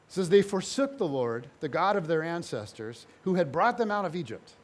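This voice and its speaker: A pastor preaching a sermon, retelling scripture with animated storytelling and voiced dialogue. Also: male voice, sits high. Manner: animated storytelling, voicing biblical figures in dialogue.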